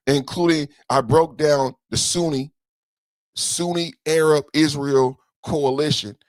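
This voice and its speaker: Brief: male podcast host, passionate political monologue, repetitive and emphatic, recorded dry and close. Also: no room sound. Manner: impassioned, repetitive, shifts between low brooding and loud outbursts.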